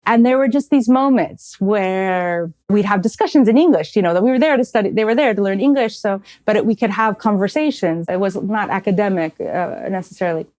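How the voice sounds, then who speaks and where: Brief: middle-aged woman guest, lively storyteller who mimics others, mid pitch, dry studio sound. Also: fairly quick, hardly any pauses, dry recording. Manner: animated storyteller who acts out quoted voices with laughter. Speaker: nonprofit CEO, guest. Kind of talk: conversational interview storytelling.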